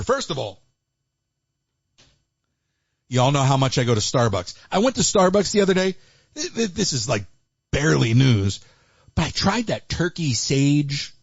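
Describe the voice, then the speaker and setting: A man hosting a live call-in stream, chatty and animated, with Yiddish asides. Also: on the high side, moderate pace, gravelly, long pauses, slightly rough, dry recording. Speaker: livestream host taking calls. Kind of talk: casual chat. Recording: dull lo-fi livestream audio.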